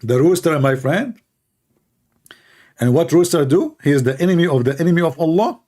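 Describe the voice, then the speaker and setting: A man's voice: a little high, animated, normal speed, mellow. A man hosting mocking religious commentary in a sarcastic, incredulous tone. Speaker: host.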